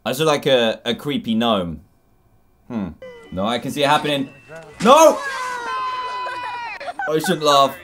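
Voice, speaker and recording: A man's voice: mid-range voice, moderate pace, noisy background. A young man with an English accent, commentating as a YouTube host as he reacts to funny clips. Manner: animated, exclaiming and laughing at clips.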